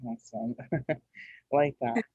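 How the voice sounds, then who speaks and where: A man interviewing a guest over a video call, gentle and hesitant with many pauses. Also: medium pitch, husky, no room sound. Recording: dull dry video-call audio.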